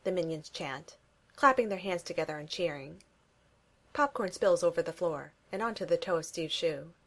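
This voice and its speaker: Woman reading fan fiction, slightly low voice. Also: lively intonation, moderate pace. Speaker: reader.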